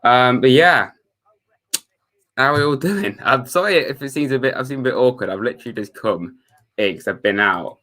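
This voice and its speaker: A man's voice: mid-range voice, normal speed, bright, forceful tone. A young man chatting casually to his viewers on a live stream, reading out their messages. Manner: chatty, reads chat messages aloud, laid-back.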